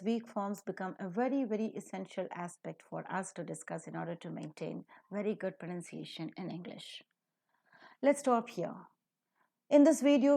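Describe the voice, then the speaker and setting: A woman teaching English pronunciation in a lecture, slowly and emphatically modeling example sentences. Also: medium pitch, mellow.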